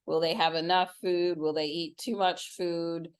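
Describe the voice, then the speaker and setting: Low-pitched middle-aged woman telling a story. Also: flat delivery, unhurried, smooth. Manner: storytelling, acts out quoted lines with big pitch jumps. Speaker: podcast co-host. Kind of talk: casual chat.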